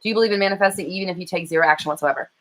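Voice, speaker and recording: A woman host and manifestation coach chatting casually and quickly with livestream viewers, full of fillers and the odd swear. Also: fairly low pitch, low-quality recording. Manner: fast-talking, self-described. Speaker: law of attraction coach and host.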